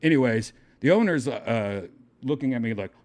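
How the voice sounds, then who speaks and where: Animated man telling a crude story. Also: normal speed. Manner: animated, jumps up in pitch for quoted voices, crude jokes, laughs often. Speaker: podcast host. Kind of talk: casual solo storytelling.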